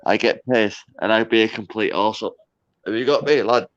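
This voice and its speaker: A tipsy Scottish man, hiccupping, rambles through boisterous drunken banter as a livestream guest. He has a lowish voice and a brisk pace, and the sound is dull and lo-fi.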